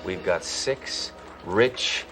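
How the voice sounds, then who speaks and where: Gruff cocky tv cop, deadpan and blunt, music behind. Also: male voice, low voice, extremely slow, heavily acted. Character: tough, cocky, dimwitted male cop. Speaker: police detective.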